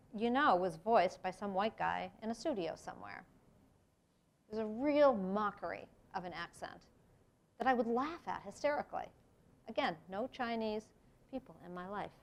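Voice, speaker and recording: A woman's voice: mid-range voice, creaky. A middle-aged American woman giving a reflective public talk, with earnest delivery and sudden emphatic rises. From United States. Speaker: speaker giving a presentation on race. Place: lecture room.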